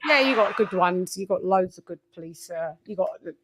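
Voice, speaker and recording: Woman hosting a boxing stream, lowish voice, chatty, swears a lot. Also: expressive, a little fast, heavy background noise. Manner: chatty, swears freely, lots of "you know what I mean". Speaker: boxing show host. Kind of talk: casual live-stream chat.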